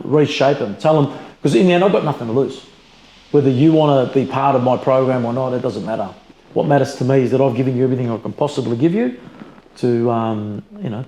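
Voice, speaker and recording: A man's voice: mid-range voice, slight background noise. A middle-aged Australian man, a business founder and mentor, chatting as an interview guest and acting out quoted exchanges as he tells stories. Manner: animated storyteller, acts out quoted exchanges. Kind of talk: casual interview conversation. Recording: echoey room, faint ambience.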